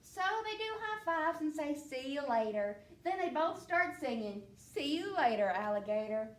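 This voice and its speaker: High, animated woman reading a picture book. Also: moderate pace. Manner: animated, playful read-aloud with sound effects. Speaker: children's librarian. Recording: echoey room, mic at a distance.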